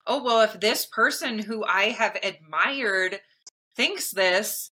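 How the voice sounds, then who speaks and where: A woman co-hosting a podcast, reacting with warm encouragement in casual chat. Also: medium pitch, slow, husky, poor audio. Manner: warmly encouraging, emotional reactions. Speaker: podcast co-host.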